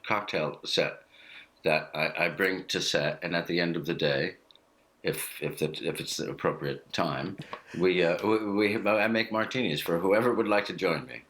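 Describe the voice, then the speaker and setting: An American man chatting casually from a home studio over a video call, halting and repeating words and chuckling often. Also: deep voice, fairly bright tone. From United States. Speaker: guest actor. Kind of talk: casual chat.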